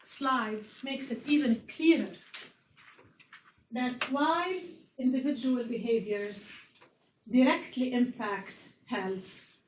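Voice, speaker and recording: A woman's voice: on the high side, slow pace, pauses often. A woman giving a university public health lecture to a class, earnest and repeating words as she explains. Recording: roomy lecture hall from far off with faint noise.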